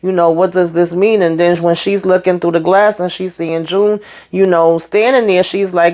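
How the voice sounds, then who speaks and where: Pitched fairly low and speaking at a moderate pace, a woman who recaps TV shows walks through an episode. She's relaxed and chatty, retelling scenes with animation and calling her audience "child" and "honey."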